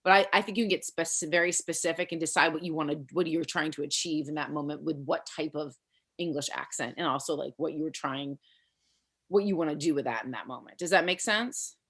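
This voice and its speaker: A woman's voice: low voice, brisk, fairly bright tone, breathy edge. A woman giving casual spoken feedback to a comedian on a video call, rambling, chatty and laughing often, with many fillers. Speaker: comedy workshop feedback giver.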